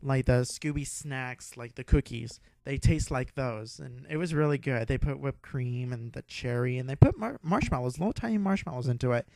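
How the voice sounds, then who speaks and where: A young man hosting a podcast, telling a rambling, excitable story with a lot of swearing and laughter. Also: medium pitch, moderate pace, gravelly, hardly any pauses, no room sound. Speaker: podcast host. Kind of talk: casual storytelling.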